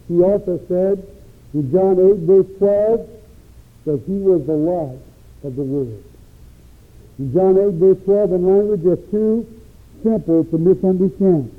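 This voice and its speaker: A man preaching a sermon with an emphatic, rising and falling cadence. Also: sits high. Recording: tinny phone-like recording.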